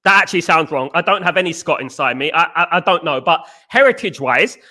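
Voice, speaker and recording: High bright-voiced English man hosting. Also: quick pace. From England. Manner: animated, repeats phrases, greets chat viewers. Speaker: host. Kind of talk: live-stream football chat.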